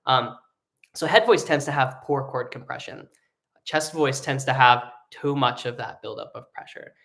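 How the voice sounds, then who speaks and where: A man's voice: mid-range voice, normal speed, gravelly. A man leads a live online singing lesson, talking it through loosely with frequent ums and likes. His speaking voice sits in a middle range. He sounds easygoing and conversational as he explains. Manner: relaxed explaining with many fillers, breaking into sung vocal demos. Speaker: singing teacher.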